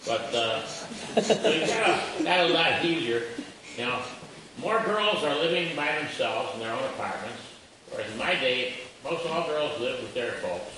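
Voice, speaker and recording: Older man, rambling comic storyteller, lively up-and-down delivery that keeps breaking into laughs; heard from across an echoey, noisy room. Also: normal speed. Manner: chuckling, self-amused, squeals into high voices for quoted characters. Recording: echoey room, mic from far off, noisy background.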